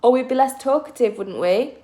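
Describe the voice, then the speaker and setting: A woman reading aloud and voicing a bossy, blunt young girl who talks in a sharp, defiant way. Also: high voice, animated, a little fast, voice pushed up. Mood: snappy.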